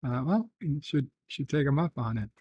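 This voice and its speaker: A middle-aged man hosting a casual livestream. He reads chat messages aloud, then answers softly with dry, rambling humor. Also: medium pitch, animated, moderate pace, slightly rough, dry recording, muffled recording. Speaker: livestream host reading chat.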